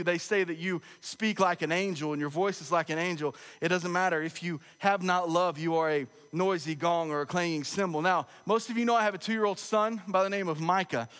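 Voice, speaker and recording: A man in his thirties with a slightly high, somewhat bright voice preaches a sermon in a church sanctuary. His delivery is conversational and funny, like telling stories, and the large hall gives his words a long echo.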